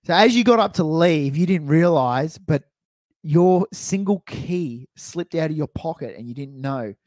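A young Australian podcast co-host, his voice fairly high and a little slow, tells a story in casual chat, laughing and acting out the quotes with animation. The recording is studio quality with no echo.

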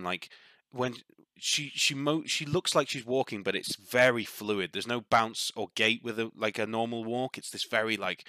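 A man's voice: on the low side, sharp tone, dry recording. A man narrating as game master of a tabletop game, rambling with many fillers and restarts.

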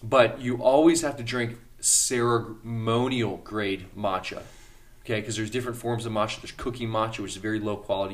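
A man who is a health practitioner, chatting on a health podcast and telling a story with excitement, often laughing as he talks. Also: fairly low pitch, moderate pace. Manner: excitable storytelling, laughs through his words. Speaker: health practitioner and regular expert on a health show. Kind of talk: casual podcast chat.

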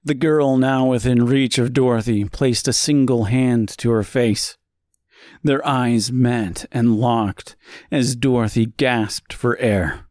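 A man reading a dark story aloud as narrator, speaking deliberately with dramatic pauses. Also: medium pitch, fairly even intonation, no echo, clean studio sound. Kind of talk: scripted horror story narration.

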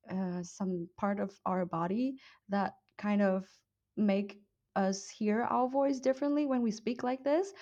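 A woman chatting casually on a podcast, voice at a middle pitch. She hedges and restarts often, leaning on fillers as she thinks aloud. The recording sounds a little dull and muffled. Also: darkish tone. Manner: hesitant, hedging, restarts with fillers. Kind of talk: casual chat.

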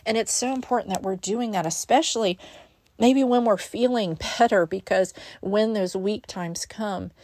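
A woman's voice: mid-range voice, moderate pace, darkish tone. A woman hosting a devotional podcast, reading scripture and reflecting on it in an earnest way, sometimes stumbling over repeated words. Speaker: podcast host.

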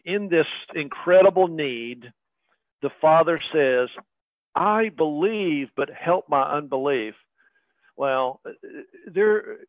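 A man's voice: on the high side, no room sound. Man preaching over a tinny line. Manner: conversational preaching with fillers and asides to the congregation. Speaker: pastor. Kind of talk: sermon. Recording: tinny phone-like radio broadcast.

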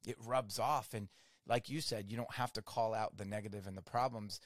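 A man hosting a faith conversation, reflecting warmly on what his guest said and adding his own thoughts. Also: on the low side, fairly even intonation, a little fast, no echo, clean studio sound. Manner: affirming, reflective, many "so good" replies. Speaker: interview host.

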